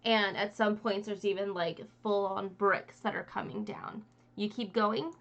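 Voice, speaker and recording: A woman's voice: medium pitch, fairly even intonation, a little slow, vocal fry, a bit bright, lo-fi sound. A woman running a tabletop game as game master, narrating casually with fillers and restarts.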